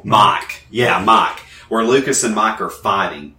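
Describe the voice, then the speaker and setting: A man chatting casually as a podcast co-host, animated and quick to laugh while he retells scenes from a show. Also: on the low side, reverberant, slight background noise. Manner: animated, laughs often, acts out quotes. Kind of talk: casual chat about a TV show.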